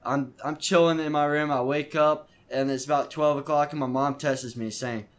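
A man's voice: a little high, fairly even intonation, normal speed. Teenage boy rambling through a story. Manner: rambling, frequent restarts and stumbling repeats. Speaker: podcast host. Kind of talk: casual storytelling monologue.

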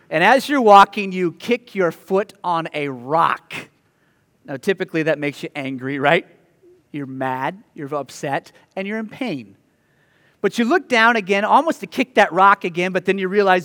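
A male pastor preaching a sermon, telling the story with lively, playful asides to the congregation. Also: high voice, long reverb tail. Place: church sanctuary.

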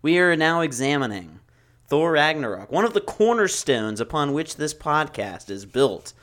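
A man's voice: a little high, sing-song, moderate pace, a bit bright. A man co-hosting a casual film podcast as the comic relief, making jokey, emphatic rants.

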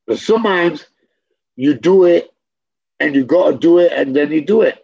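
A man's voice: a little high, moderate pace, creaky, darkish tone, slightly rough, muffled recording. A man in a candid documentary interview, talking bluntly with swearing and repeating himself.

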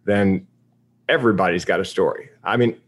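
A man in his fifties from the United States, telling a personal story in a public talk with comic timing and deadpan asides. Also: low voice, a little fast. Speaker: speaker.

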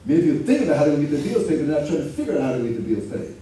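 Pastor, male, high but mellow tone, easygoing preaching, picked up from afar in a roomy church. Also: very animated, slight background noise. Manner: conversational preaching, reads scripture slowly. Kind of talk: sermon. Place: church sanctuary. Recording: echoey room from far off, faint ambience.

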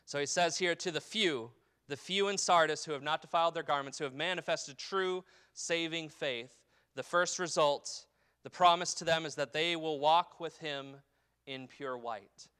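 Man, pastor, sermon, bright forceful voice, slightly high, emphatic rises and drops. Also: clear, resonant tone. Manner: preaches with emphatic rises and drops, asks "okay?" often; reads scripture in a slow, falling cadence.

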